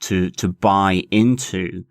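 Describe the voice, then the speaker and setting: A man co-hosting a podcast about a TV series, talking in a measured way and stretching key words. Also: deep voice, no echo. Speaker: podcast co-host. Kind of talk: casual TV review chat.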